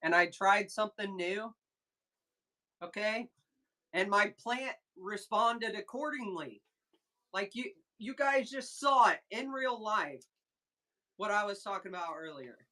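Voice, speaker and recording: A woman hosting a casual live sales stream, chatting excitedly with viewers and reading their comments aloud. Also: mid-range voice, measured pace, pauses often. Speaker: livestream seller host. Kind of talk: casual livestream chat with viewers.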